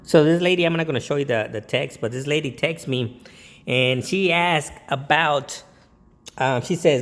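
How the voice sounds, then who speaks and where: A man's voice: fairly high pitch, normal speed, fairly bright tone, long reverb tail. A man who works as a DJ, talking casually and a bit rambling as he gives tips, with lots of ums. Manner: rambling, with many ums and jokey put-on quotes. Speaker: DJ giving business tips. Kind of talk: casual talk to camera.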